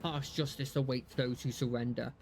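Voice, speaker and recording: A man's voice: medium pitch, little pitch movement, moderate pace, darkish tone, soft background music, natural voice. A man reading a ruthless woman judge from a game. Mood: commanding. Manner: solemn, formal declaiming.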